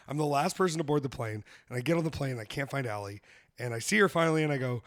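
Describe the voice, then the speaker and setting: A man's voice: mid-range voice, fast talker. Profane, storytelling man podcast host. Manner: loose, profane storytelling with frequent laughs. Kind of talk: casual comedic chat.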